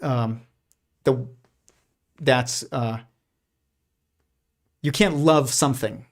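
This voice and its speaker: Rambling man, mid-pitched. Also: extremely slow. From United States. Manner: rambling, many restarts and fillers, laughs softly. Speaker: host. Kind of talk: casual livestream commentary.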